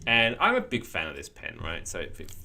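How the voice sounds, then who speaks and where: A man co-hosting a podcast, talking in a rambling, animated, storytelling way. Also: low voice, a little fast, creaky. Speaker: podcast co-host. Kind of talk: casual chat.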